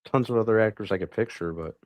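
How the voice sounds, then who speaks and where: Easygoing low-voiced man, halting speech. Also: no echo, lo-fi sound. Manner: easygoing, halting, filler-heavy. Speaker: podcast co-host. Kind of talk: casual chat.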